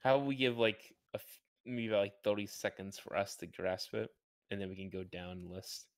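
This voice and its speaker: A man's voice: lowish voice, level tone, fairly quick, dry recording. A man hosting a casual podcast chat, moderating turns and laughing often.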